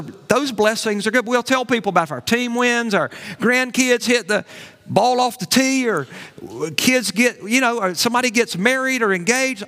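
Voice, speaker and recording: A man preaching a sermon as pastor, animated and conversational, with folksy asides to the congregation. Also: extremely high pitch, big-room sound.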